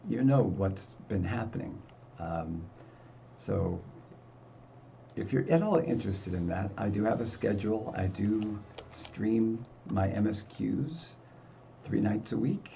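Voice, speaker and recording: A man's voice: fairly low pitch, slow pace, vocal fry, dark tone, a little hiss or hum. An older man hosting a gaming video, giving chatty, self-deprecating commentary as he plays. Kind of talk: casual gameplay commentary.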